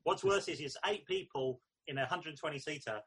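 A man's voice: on the high side, fairly quick, a bit bright, slightly rough. A man chatting casually, animatedly retelling an anecdote. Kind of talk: casual chat.

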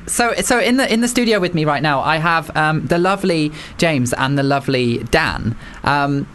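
A man's voice: a little high, animated, moderate pace, a bit bright, slight background noise. An English man hosting a casual chat, rambling with plenty of fillers. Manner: chatty, rambling, lots of fillers. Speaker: podcast host.

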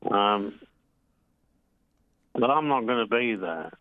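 A man calling in to a radio show, giving deadpan and silly answers to questions. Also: fairly low pitch, takes it slowly, no echo, narrow, tinny audio. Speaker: caller.

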